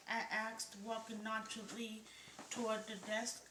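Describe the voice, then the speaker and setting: A woman reading a novel aloud as its narrator, in an even storytelling manner. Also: a little high, measured pace, slight background noise. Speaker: audiobook narrator. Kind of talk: scripted narration. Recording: roomy echo.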